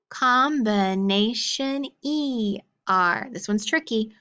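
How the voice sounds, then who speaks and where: Woman doing a phonics drill, sounds out each letter real slow, kinda muffled audio. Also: mid-range voice, sharp tone. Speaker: phonics teacher.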